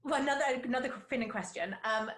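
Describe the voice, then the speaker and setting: A woman's voice: a little high, fairly bright tone. Teasing woman host in an echoey room. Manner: playful, teasing, quick questions. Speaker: podcast host. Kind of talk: casual interview chat.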